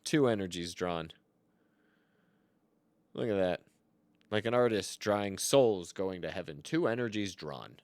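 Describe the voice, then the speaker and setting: A man giving comedic card-game commentary, boastful and theatrical, swinging between loud outbursts and low mutters. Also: expressive, a little slow, pauses often, no room sound.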